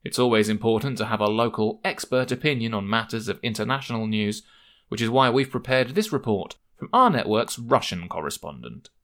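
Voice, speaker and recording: A man anchoring a satirical news show in a dry, measured newsreading style. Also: fairly low pitch, expressive, fairly bright tone. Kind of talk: scripted comedy newsreading.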